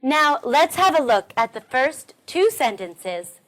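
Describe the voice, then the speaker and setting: High, lively woman teaching English. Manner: encouraging, deliberate modelling of stress. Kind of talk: recorded online lesson.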